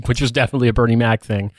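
A man's voice: mid-range voice, steady tone, dry recording. Guy cohosting a podcast, wry jokey asides, dry close mic. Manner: wry, joking, quick asides. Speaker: podcast co-host. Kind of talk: casual chat.

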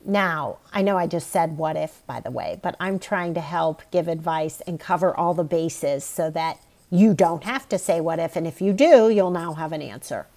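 A woman hosting an advice podcast, talking straight to the listener in a warm, reassuring way. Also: lowish voice, lively intonation, moderate pace. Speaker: podcast host.

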